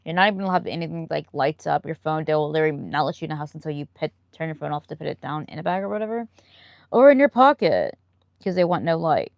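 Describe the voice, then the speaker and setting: A woman's voice: low-pitched, animated, fast, gravelly, no echo, dull audio. A woman live streamer chatting casually and answering viewer comments, rambling and laughing often.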